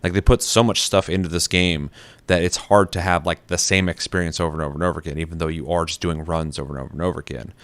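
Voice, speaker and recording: A man's voice: low voice, fairly even intonation, quick pace, a bit bright, no echo. A man hosting a gaming podcast, chatting casually with frequent swearing and fillers. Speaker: podcast host.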